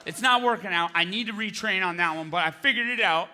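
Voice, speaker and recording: Audience laughter fills a big theater as a stand-up comic speaks quickly and animatedly, breaking into shrill, squealing impressions.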